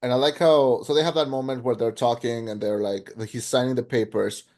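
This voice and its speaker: A man co-hosting a casual film podcast, his voice sitting at an everyday middle pitch. He talks in animated, rambling bursts, circling back and restarting his thoughts as he goes. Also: a little fast. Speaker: podcast co-host. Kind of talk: casual film review chat.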